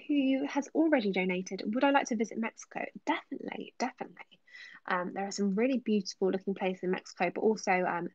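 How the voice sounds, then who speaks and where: A young woman hosting a relaxed livestream, answering chat questions in a chatty voice that slips into soft whispers. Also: mid-range voice, dry recording, highs cut off. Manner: chatty, drifting between normal voice and soft whispers. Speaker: ASMR livestream host.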